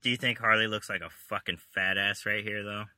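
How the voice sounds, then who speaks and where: A man's voice: on the low side, little pitch movement, fairly quick, sharp tone, no echo. A man chatting about a comic book with a friend, joking, swearing and trying out silly voices. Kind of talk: casual comic book chat.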